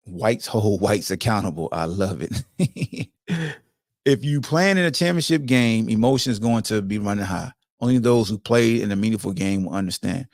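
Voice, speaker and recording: A man's voice: lowish voice, normal speed, a little mellow, dry recording, studio quality. A man hosting a sports podcast, ranting in a casual, profane, lecturing way. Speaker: podcast host. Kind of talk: casual sports commentary rant.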